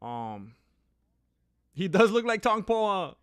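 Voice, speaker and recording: A man giving casual live fight commentary as a streamer, chatty and animated, with many fillers and asides. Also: high voice, slow pace, clear, resonant tone.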